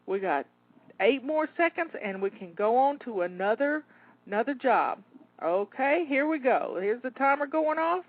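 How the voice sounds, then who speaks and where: A woman's voice: sits high, animated, normal speed, a little hiss or hum. A woman coaching listeners through timed cleaning tasks, cheering them on with encouraging, repeated rallying phrases. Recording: phone-like narrow dry sound.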